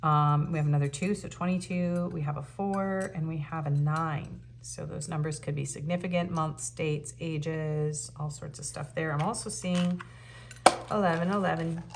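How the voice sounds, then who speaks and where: A woman with a low, unhurried voice gives a casual pick-a-card tarot reading. She muses aloud and reads out card messages, filling pauses with ums. A faint hiss sits behind her. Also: fairly even intonation. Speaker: tarot reader.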